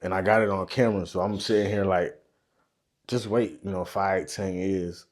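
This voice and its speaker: A man's voice: deep voice, fairly even intonation, moderate pace. A man guest in a casual interview chat, easygoing and slangy, often laughing as he talks. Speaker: guest, videographer.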